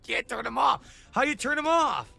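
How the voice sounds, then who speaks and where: Male gaming streamer, high lively voice, bright and sharp, profane ranting, faint music behind. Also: moderate pace, gravelly, breathy edge. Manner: ranting, profane, self-pitying. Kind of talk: livestream gameplay rant.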